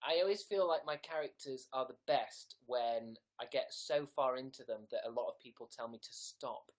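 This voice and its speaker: A man's voice: mid-range voice, normal speed. A man chatting casually on a livestream in a playful way. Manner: playful, laughing at himself.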